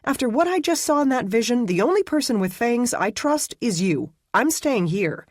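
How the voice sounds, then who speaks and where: Man doing a scared, stubborn young woman, pitched high and pushy, for an audiobook. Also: sing-song, moderate pace, dry recording, clean studio sound, full character voice. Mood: defiant. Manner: urgent, insistent.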